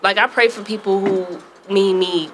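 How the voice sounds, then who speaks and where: A woman's voice: medium pitch, steady tone, normal speed, slight background noise. Earnest woman reflecting on growth. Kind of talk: casual conversation.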